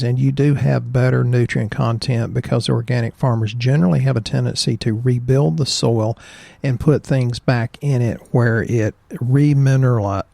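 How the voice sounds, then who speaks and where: A middle-aged man with a gravelly, fry-edged voice chats on a health podcast, opinionated and full of jokes and stories. He is recorded close and dry, with no room sound. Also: mid-range voice, darkish tone, no room sound. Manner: opinionated, jokey, tells anecdotes. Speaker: podcast host, chiropractor. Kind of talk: casual health podcast chat.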